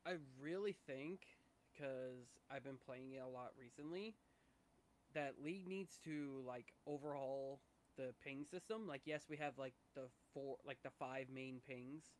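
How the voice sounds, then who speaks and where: A man's voice: medium pitch, measured pace. A man co-hosting a gaming podcast, talking in an enthusiastic, rambling way. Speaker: podcast co-host. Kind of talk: casual gaming podcast discussion.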